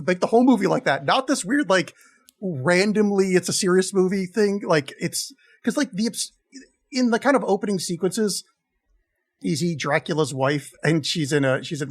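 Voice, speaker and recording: A man co-hosting a film podcast with a voice pitched a little high for a man. He talks in an animated, exasperated way and swears freely while venting about the film. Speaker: podcast co-host. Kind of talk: casual film review chat.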